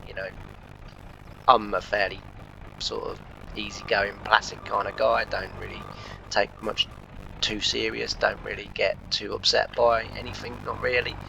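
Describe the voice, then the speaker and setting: A man's voice: fairly low pitch, flat delivery, moderate pace, vocal fry, sharp tone. Chatty man telling a story. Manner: chatty, retells with constant "I said". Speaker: let's play host. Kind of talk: rambling anecdotal storytelling. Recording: dull lo-fi sound with faint noise.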